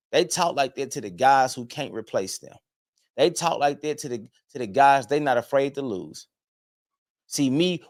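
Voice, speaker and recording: A young adult man giving an emphatic, preachy opinion monologue to his viewers, often repeating words and restarting sentences. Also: mid-range voice. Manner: emphatic, preachy, addresses viewers as fellas and fam. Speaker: online commentator. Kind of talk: direct-to-camera opinion monologue.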